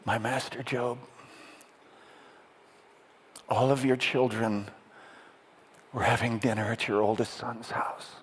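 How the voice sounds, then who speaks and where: A man's voice: sits high, pitched above the performer's own voice, natural voice. A man voicing frightened male servants who bring terrible news, pleading with rising urgency, in an echoey hall. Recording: echoey hall with long reverb.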